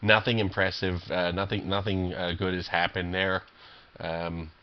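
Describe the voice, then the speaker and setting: A man's voice: low voice, level tone, moderate pace, lo-fi sound, slight background noise. A man commentating his own online poker games, irritable and swearing, rambling with lots of fillers and restarts. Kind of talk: profane live game commentary.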